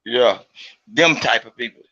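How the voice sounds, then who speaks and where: A man's voice: medium pitch, unhurried, crowd noise. A man from Mississippi chatting casually, profane and emphatic, repeating himself to hammer a point home. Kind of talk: casual chat. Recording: lo-fi recording.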